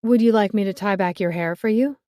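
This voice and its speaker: A woman voicing a stubborn, caring young woman who speaks firmly and briskly in an audiobook. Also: medium pitch, dark tone, no room sound, studio quality, lightly acted. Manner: firm, brisk, cheerfully stubborn. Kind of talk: audiobook character voice.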